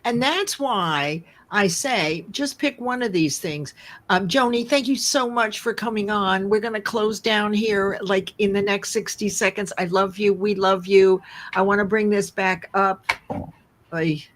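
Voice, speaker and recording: A woman's voice: medium pitch, unhurried, fairly bright tone. A woman hosting a live online talk show, speaking in a rambling, earnest way and often restarting her sentences. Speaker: host.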